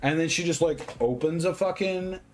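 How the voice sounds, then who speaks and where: A tipsy man giving a casual movie review, rambling, swearing constantly and getting excitable. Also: fairly high pitch, moderate pace, a little hiss or hum. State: tipsy, drinking.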